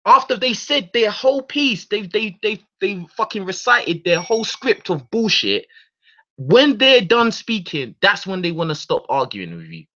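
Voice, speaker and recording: A man's voice: sits high, big pitch swings, moderate pace, bright, forceful tone. A man hosting his own radio show, ranting in a heated, profane monologue full of repeated words and restarts. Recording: dull lo-fi recording.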